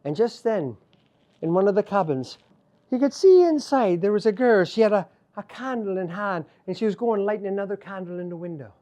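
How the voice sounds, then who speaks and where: Animated Irish storyteller spinning a folktale. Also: male voice, high-pitched, a little fast, highs cut off. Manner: lilting, animated, repeats phrases.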